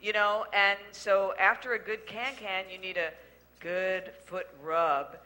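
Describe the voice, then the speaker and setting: Bright, playful woman host. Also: mid-range voice, slow, poor audio. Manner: playful, animated, laughing. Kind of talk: casual chat.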